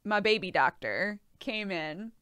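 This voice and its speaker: Bright, lively pregnant woman streamer. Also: medium pitch, measured pace, clean tone, no room sound, clean studio sound. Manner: chatty, laughs often, swears casually. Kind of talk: casual chat with live chat.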